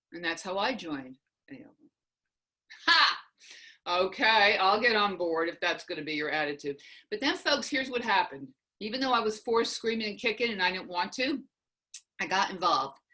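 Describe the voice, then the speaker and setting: A middle-aged woman giving a motivational seminar talk, telling a personal story to the audience with lively, acted-out quotes. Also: medium pitch. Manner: animated, addresses audience as folks, acts out quotes. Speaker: seminar speaker.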